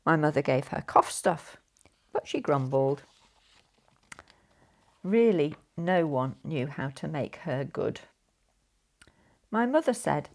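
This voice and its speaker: A woman reading a children's story aloud, expressive and playful, drawing out the sound words. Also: fairly low pitch, a little slow.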